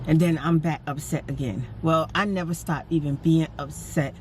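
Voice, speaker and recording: A woman's voice: sits low, fairly even intonation, unhurried, darkish tone, a little hiss or hum, low-quality recording. A woman vlogger venting from her parked car, upset and emphatic. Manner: upset, emphatic, repeats herself. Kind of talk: casual vlog rant.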